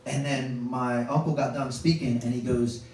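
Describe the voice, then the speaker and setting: A man doing stand-up comedy, telling a family story in an animated way and jumping into high voices for his kids. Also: normal speed. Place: comedy club stage with a laughing audience. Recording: echoey live room, distant mic, background noise.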